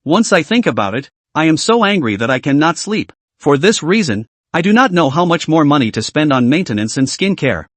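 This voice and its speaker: A man's voice: fairly high pitch, sing-song, a little fast, few pauses, fairly bright tone, no room sound. A man voicing a spiteful, mocking rich young woman in a recap story, taunting and sneering. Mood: resentful.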